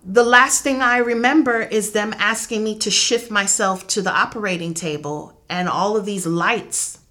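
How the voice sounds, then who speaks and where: A woman's voice: mid-range voice, normal speed, pushed and bright. A young adult woman, a grieving mother, giving earnest, intense personal testimony in an interview, acting out what others said. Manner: earnest, intense, reenacts dialogue.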